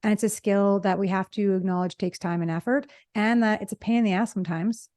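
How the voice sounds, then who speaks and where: Woman, psychologist, podcast co-host, fast, mellow dark tone, energetic explaining. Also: mid-range voice, dry recording, clean studio sound. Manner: energetic, explains with examples and acted-out quotes. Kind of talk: conversational podcast discussion.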